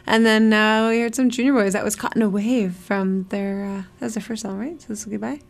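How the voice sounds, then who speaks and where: A woman's voice: mid-range voice, fairly even intonation, fairly quick, vocal fry. A woman co-hosting an overnight radio show, playfully teasing her co-host as they chat about the music. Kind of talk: casual overnight radio banter. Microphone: studio microphone.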